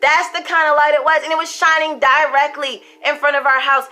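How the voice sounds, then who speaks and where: A woman telling a story in a casual, animated, sassy way, speaking straight to the viewer. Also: sits high, fairly quick, hardly any pauses. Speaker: storyteller and spiritual reader. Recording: faint background music.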